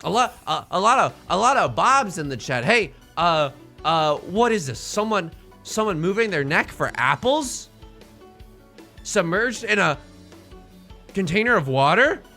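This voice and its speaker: A man streaming a mahjong game, chatting casually with his chat in a jokey, animated way with mock-heated rants. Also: sits high, unhurried, soft background music. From born outside the United States. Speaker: Twitch streamer playing mahjong.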